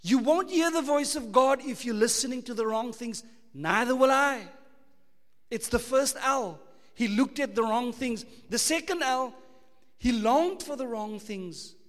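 High-voiced South African preacher. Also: male voice, animated, unhurried, in a large hall. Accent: South African English. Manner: emphatic, rhetorical questions, shifts between loud and hushed. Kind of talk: sermon.

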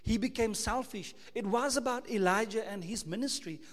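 A South African man preaching a sermon, emphatic, full of rhetorical questions, swinging between loud and hushed. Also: sits high, moderate pace, long reverb tail. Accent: South African English.

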